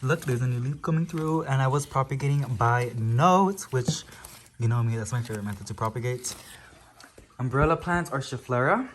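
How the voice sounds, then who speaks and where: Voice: mid-range voice, moderate pace, slight background noise. A houseplant channel host giving a casual tour of their living room plants, gushing with frequent exclamations, filmed at home on a handheld camera.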